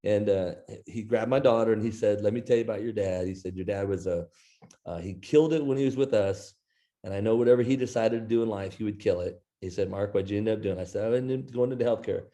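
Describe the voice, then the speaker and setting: A man's voice: on the low side, fast. A middle-aged man from Iowa, a guest author telling a long anecdote in an interview and quoting the people in it. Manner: animated anecdote teller, quoting others in his own voice. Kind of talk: storytelling in an interview.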